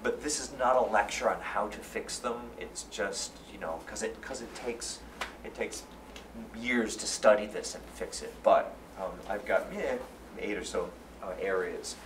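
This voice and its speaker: A man giving a live lecture at a conference, energetic and repeating phrases for emphasis. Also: on the low side, a little slow. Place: conference hall. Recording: roomy, from far off, faint room noise.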